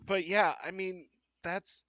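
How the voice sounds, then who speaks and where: A man's voice: sits high, steady tone, takes it slowly, fairly bright tone, no echo, muffled recording. A man co-hosting a live fan talk show, chatting casually with frequent fillers and restarts. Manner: rambling, many fillers and restarts. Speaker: podcast co-host. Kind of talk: casual live-stream chat.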